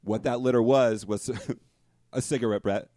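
A man's voice: mid-range voice, steady tone, moderate pace, warm tone, dry recording, studio quality. A man co-hosting a casual podcast, laid-back, laughing often and teasing his co-host.

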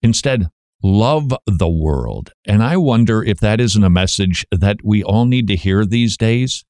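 A man's voice: fairly low pitch, moderate pace, darkish tone, clean tone, no echo. Wry male talk radio host. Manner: wry, jokey asides.

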